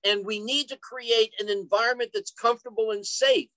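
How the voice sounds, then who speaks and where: A man's voice: extremely high pitch, steady tone, moderate pace, bright, forceful tone, no echo, poor audio. An older man presenting an online career talk, chatty and full of stories and joking asides. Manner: chatty, storytelling, jokey asides. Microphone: computer mic on a video call.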